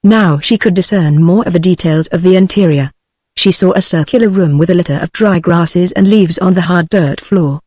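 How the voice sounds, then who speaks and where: A text-to-speech woman with a British English accent, reading a novel in an even synthetic manner. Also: fairly low pitch, moderate pace, slightly rough, no echo. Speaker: audiobook narrator. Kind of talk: scripted narration.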